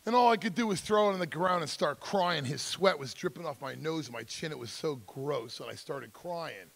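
Gravelly-voiced man telling his story. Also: a little high, moderate pace, fairly bright tone. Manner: acts out quoted voices, emphatic, intense. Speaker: speaker at a school drug seminar. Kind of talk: personal storytelling talk.

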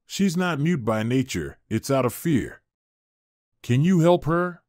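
A man's voice: medium pitch, animated, slow pace, no echo, studio quality. A man voicing a huge, strong and kind forest man who speaks encouragingly, in a storybook reading. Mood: earnest. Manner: warm, encouraging. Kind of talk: storybook narration.

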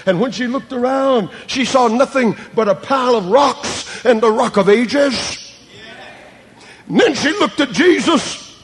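A man pastor preaching an evangelistic sermon dramatically, swinging from soft tones to shouting, recorded on cassette in a large hall. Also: high-pitched, breathy edge.

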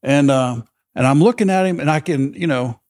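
A man's voice: fairly high pitch, normal speed, darkish tone, dry recording, clean studio sound. A middle-aged man hosting a casual chat, telling war stories animatedly and acting out the voices of people he quotes. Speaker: podcast host.

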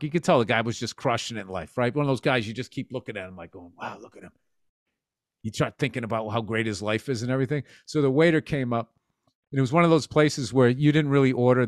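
A man's voice: mid-range voice, no room sound, clean studio sound. A man in his fifties telling profane, rambling stories as a podcast co-host, now and then slipping into voices. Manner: profane storytelling, jumps into voices. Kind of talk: casual chat.

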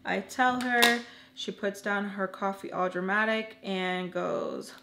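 A woman's voice: mid-range voice, normal speed, a bit bright, reverberant, slight background noise. A young woman telling an emotional personal story in a casual, earnest way, filling her talk with lots of "like"s. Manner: chatty, filler-heavy with many "like"s.

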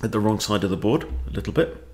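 A man's voice: lowish voice, lively intonation, fast talker, darkish tone. A man who coaches chess, thinking aloud as he plays and talking to himself with wry asides. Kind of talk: thinking-aloud game commentary.

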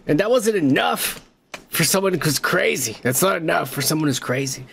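Profane, high-voiced man hosting a podcast. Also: lively intonation, normal speed, creaky, fairly bright tone, a little hiss or hum. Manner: profane, rambling and laughing. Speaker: podcast host. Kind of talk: casual comedic storytelling.

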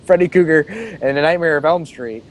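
A man's voice: on the high side, animated, brisk. A man co-hosting a podcast, recalling a childhood memory with casual restarts. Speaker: podcast co-host. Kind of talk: casual storytelling over a call.

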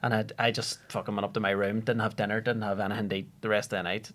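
A man with a low voice and a quick, rattling pace tells a sweary story about a gig. He swears and laughs freely in a casual chat. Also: level tone, fairly bright tone. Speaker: comedian guest.

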